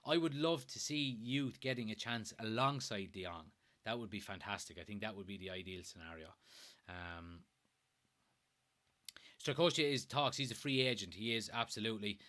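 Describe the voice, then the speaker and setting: A man's voice: lowish voice, moderate pace, a bit bright. A man in his late twenties with an Irish accent from Kilkenny, hosting a fan live stream, reading viewer comments in a chatty way and swearing casually. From Ireland.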